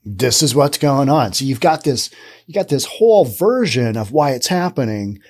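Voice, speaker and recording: A middle-aged man hosting his own podcast, talking through his opinions in a loose, rambling way. His voice sits at a medium pitch but swings up and down a lot as he talks, and he drops in sarcastic asides. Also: sing-song, moderate pace, darkish tone. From Pacific Northwest, US. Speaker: podcast host. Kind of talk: casual solo commentary.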